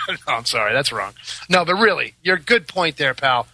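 A man's voice: on the high side, pushed and bright, no echo. A man hosting a casual talk show, telling stories with sarcastic asides and frequent laughs. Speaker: podcast host. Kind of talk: casual chat.

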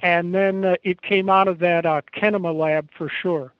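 American man, high voice, halting, emphatic, dry close sound, dull lo-fi call audio. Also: steady tone, no echo. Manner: halting, emphatic, many pauses. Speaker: interview guest. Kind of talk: remote interview over a call. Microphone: internet call.

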